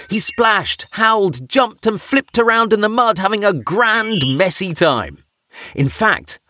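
A man narrating a children's storybook in an expressive, sing-song way. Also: medium pitch.

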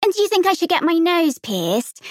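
A woman's voice: very high-pitched, sing-song, moderate pace, no room sound, clean studio sound, voice pushed up. A woman voicing a heartbroken teenage girl who sounds tearful and plaintive. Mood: exasperated.

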